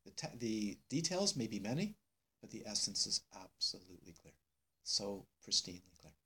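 A male meditation teacher giving a dharma talk to students, emphatic and unhurried, repeating phrases with many pauses. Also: on the low side, big pitch swings, bright, forceful tone, breathy edge. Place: meditation hall.

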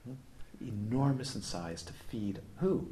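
A man's voice: fairly low pitch, animated, measured pace, mellow, slight background noise. A man giving a playful, questioning dharma talk as a meditation teacher at a retreat. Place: retreat hall.

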